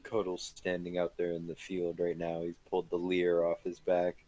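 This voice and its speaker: A man's voice: low-pitched, completely flat delivery, moderate pace, warm tone. A man playing a tabletop game, narrating his character in a playful way with goofy spoken sound effects. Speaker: player. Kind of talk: narrating own character's actions.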